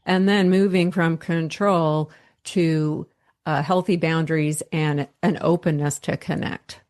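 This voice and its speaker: A woman podcast host calmly summarizing and reflecting back what a guest said. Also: sits low. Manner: slow, measured, summarizing. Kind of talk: coaching reflection.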